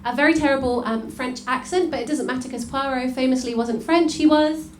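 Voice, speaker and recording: A woman's voice: high voice, brisk. A young woman from the UK doing stand-up comedy, chatty, laughing, full of "like" as she talks to the crowd. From United Kingdom. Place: comedy venue stage. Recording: echoey room with loud noise.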